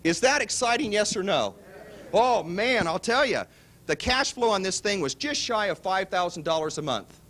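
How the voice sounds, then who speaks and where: A man giving a motivational real estate seminar pitch to a live audience, telling stories and acting out both sides of the dialogue. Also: normal speed. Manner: animated storytelling, acts out both sides of dialogue. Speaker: seminar speaker.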